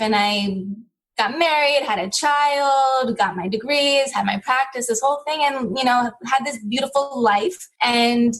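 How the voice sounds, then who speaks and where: Telling a personal story on an interview podcast, this woman in her thirties sounds reflective and heartfelt, leaning on "you know" a lot. Her voice is high and her pace measured. The recording quality is rough.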